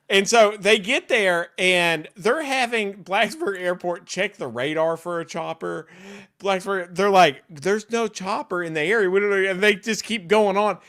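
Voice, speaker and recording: A man's voice: high voice, normal speed, a bit bright. A man hosting a talk show who tells a prank story with playful teasing. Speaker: host. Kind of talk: casual radio talk show chat.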